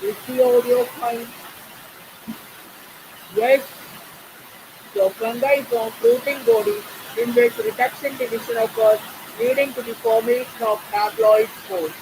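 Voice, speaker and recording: Very high-voiced biology teacher. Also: male voice, animated, unhurried, pauses often, background noise. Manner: keeps checking in with students. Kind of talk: online class lecture. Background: faint rain.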